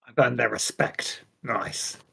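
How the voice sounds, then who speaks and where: A man of middle pitch joins a tabletop game as a player. He talks loudly and in an animated way, cutting in across the table. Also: slow, gravelly, breathy edge.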